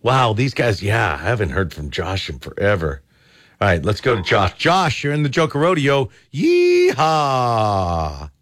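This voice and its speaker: A man's voice: fairly low pitch, very animated, normal speed, a bit bright. A man hosting a call-in radio show, chatting casually with callers and laughing often between reads. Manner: laughing, exclaiming, upbeat.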